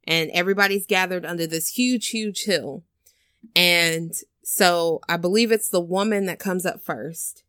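A woman's voice: on the low side, a little slow, clear, resonant tone, no room sound, studio quality. A woman on a casual podcast, animatedly retelling a film scene by scene, swearing and acting out what people said. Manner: animated storytelling with swearing and acted-out quotes. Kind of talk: casual chat.

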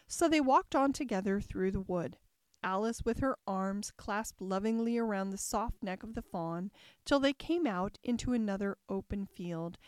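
A woman narrating a classic storybook in a calm, even storytelling manner. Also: medium pitch, clear, resonant tone, no room sound, clean studio sound. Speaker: audiobook narrator.

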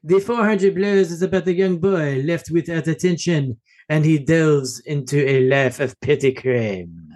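A man's voice: fairly high pitch, unhurried, a little mellow. A man co-hosting a casual movie review podcast, joking and rambling in a self-deprecating way. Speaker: podcast co-host.

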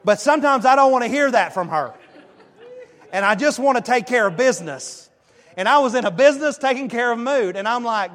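A male pastor delivers a sermon with a high, bright voice. He tells stories in an animated way, pushing his voice up for emphasis. A long reverb from the church hall hangs on every word. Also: fairly quick. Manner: animated storytelling, emphatic rises. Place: church sanctuary.

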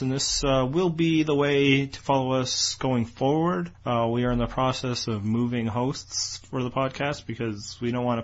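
A man from Canada co-hosting a podcast, chatting casually with a joking, animated storytelling manner. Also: mid-range voice, muffled recording. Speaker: podcast co-host. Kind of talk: casual chat.

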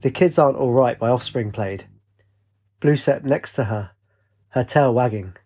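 A man's voice: medium pitch, normal speed, husky. A man narrating a story aloud, changing his voice for the characters' dialogue. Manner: lively, puts on voices for dialogue. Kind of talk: audiobook reading with character voices.

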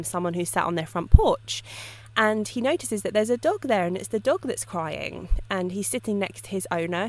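A woman hosting a casual solo podcast on dog training, telling stories in a lively way and often laughing. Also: mid-range voice. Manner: lively storytelling with frequent laughs.

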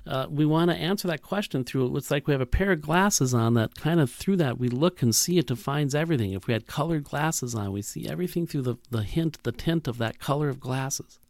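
Male preacher, gravelly voice, dry close sound, reflective sermon delivery with rhetorical questions. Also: on the high side, darkish tone, no room sound.

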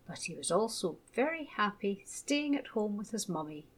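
A woman gently reading a children's story aloud. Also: mid-range voice, sing-song, breathy edge. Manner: gentle, measured.

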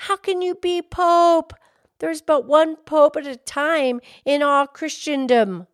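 A woman's voice: mid-range voice, sing-song, a little slow, no echo, clean studio sound. A woman reading aloud, voicing a timid old fisherman who pleads with his wife and calls to the sea. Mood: pleading. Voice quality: fearful, pleading.

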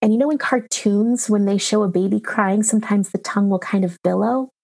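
A woman in her thirties, a mother recounting a hard experience in an interview, emotional and halting with many pauses and fillers. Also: mid-range voice, gravelly, a little mellow, husky. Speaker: mother telling her story. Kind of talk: personal account in an interview.

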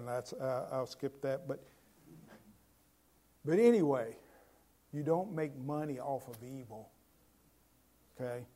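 A man with a mid-range voice preaches as pastor, throwing rhetorical questions at the congregation. His delivery shifts from loud and emphatic to quiet.

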